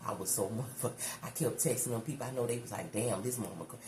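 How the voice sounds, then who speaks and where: A woman tarot reader telling a story to her viewers in a chatty, animated, profane way, calling them y'all. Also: a bass voice, fast. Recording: echoey room with background noise.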